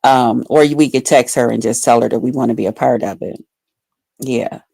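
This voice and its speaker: Woman, low voice, dark mellow tone, casual blunt storytelling, profane, filler-heavy. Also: a little fast, creaky, no echo. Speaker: vlogger.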